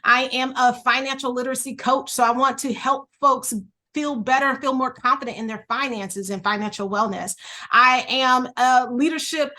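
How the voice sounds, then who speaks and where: A woman's voice: high voice, normal speed, bright, forceful tone. A woman guest, an entrepreneur and coach, chatting animatedly and emotionally with a friend, often laughing. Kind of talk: casual chat among friends.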